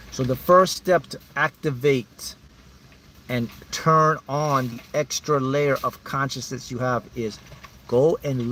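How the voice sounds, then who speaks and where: A man's voice: mid-range voice, fairly bright tone, a little hiss or hum. A man as a manifesting mentor, speaking emphatically and repetitively to his viewers in a live motivational talk. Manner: reads out viewers' names.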